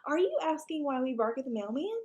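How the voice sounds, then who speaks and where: A woman's voice: very animated, fairly quick, darkish tone, lo-fi sound. A woman voicing a self-important, blustering male ranch dog who talks in a bossy, pompous way. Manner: bossy and pompous, lower than her reading voice.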